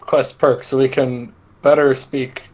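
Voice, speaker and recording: A man playing in an online role-play game, explaining his points in a measured, casual way. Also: medium pitch, flat delivery, a little mellow, dull audio. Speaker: tabletop role-play player. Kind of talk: casual chat over voice call.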